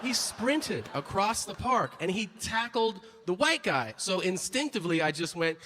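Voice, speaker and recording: A man's voice: sits high, moderate pace. A man doing a stand-up comedy routine, telling stories animatedly and acting out the people in them, with a lot of profanity. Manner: animated storytelling, acts out characters, profane. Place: stage before a laughing audience. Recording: noisy live show recording.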